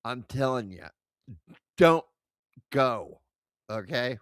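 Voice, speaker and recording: A stream host talks slowly and loosely, giggling and swearing while high, with a very lively pitch that swoops up and down. The sound is close and dry, with no room echo. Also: clean tone. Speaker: livestream host. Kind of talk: casual reaction stream.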